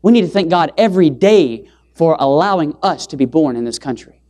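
This evangelist preacher speaks at a normal speed with an expressive, emphatic delivery, giving an impassioned church sermon. Again and again he asks his audience questions only to answer them, punching important words with abrupt surges in pitch and loudness.

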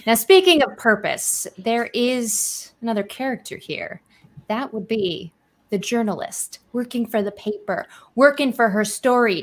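A woman's voice: fairly high pitch, a bit bright. A woman hosting a live role-play show as game master, upbeat and enthusiastic.

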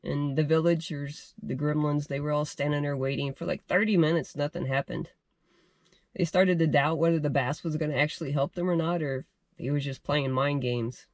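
A man's voice: a little high, steady tone, moderate pace, no room sound. A man hosting a fishing channel, telling a made-up story in a casual, rambling way with fillers and self-corrections.

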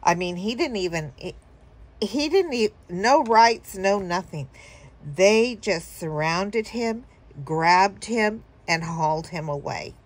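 A woman's voice: mid-range voice, lively intonation, takes it slowly. A woman telling a story casually to her viewers, rambling with fillers and chuckling now and then. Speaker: vlogger.

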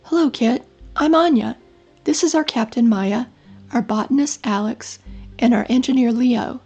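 A woman's voice: a little high, normal speed, a little mellow, husky, highs cut off, soft background music, pitched above the performer's own voice. Woman doing a courteous little girl navigator. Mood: polite. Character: polite eleven-year-old girl navigator.

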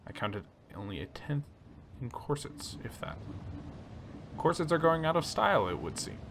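A man hosting a relaxed let's play, reading story text aloud and chatting about his choices. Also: on the high side, moderate pace, background noise. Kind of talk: casual gameplay commentary reading game text aloud.

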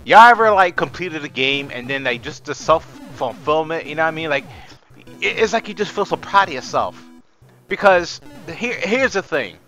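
A young man giving chatty, excitable gameplay commentary as host, talking to viewers and swearing, a bit hoarse from screaming. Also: fairly high pitch, normal speed, faint music behind. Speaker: gaming channel host.

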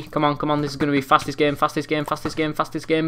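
A sixteen-year-old boy doing excitable, foul-mouthed gameplay commentary, trash-talking other players. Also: on the high side, fast talker, smooth. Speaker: gaming commentator.

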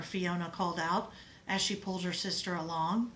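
A woman reading a picture book aloud in an expressive, dramatic way. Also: on the low side, normal speed, poor audio.

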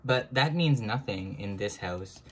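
A young man chatting casually to viewers as he draws, self-mocking, now and then breaking into high excited exclamations. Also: a little slow, a little hiss or hum. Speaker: drawing vlogger. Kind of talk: casual chat while drawing.

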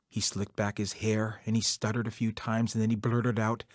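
A man's voice: lowish voice, flat delivery, normal speed, hardly any pauses, no echo, clean studio sound. A man telling a traditional folk tale to children in a conversational way, speaking directly to his listeners. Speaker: storyteller. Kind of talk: oral folk storytelling for children.

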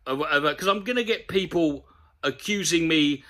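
A man's voice: fairly high pitch, moderate pace. A man giving a sweary, sarcastic comedic rant about a news story. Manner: sweary, sarcastic, animated ranting. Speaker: comedy commentator.

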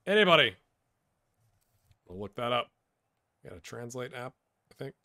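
A man doing let's play commentary for viewers, with excitable play-by-play that swings from loud outbursts to quiet muttering, and jokes along the way. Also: mid-range voice, moderate pace. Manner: jokey, talks to viewers. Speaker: gaming YouTuber.

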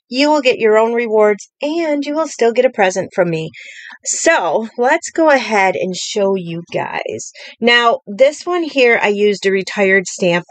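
A woman with a fairly high voice, recorded with no room sound, leads a live-streamed craft tutorial from her craft table at home. She chats and rambles, using lots of fillers.

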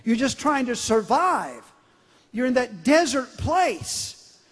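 A middle-aged man preaching a sermon, emphatic, swinging from loud declarations to quiet storytelling. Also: very high-pitched, sing-song, slow pace, slightly rough. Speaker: pastor. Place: large church sanctuary. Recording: long hall reverb.

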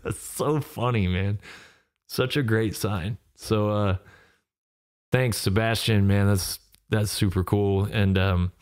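A man, hosting his own podcast in a relaxed, rambling way with many fillers and laughs. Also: on the low side, takes it slowly, clean tone. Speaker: podcast host and musician. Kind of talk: casual solo podcast talk.

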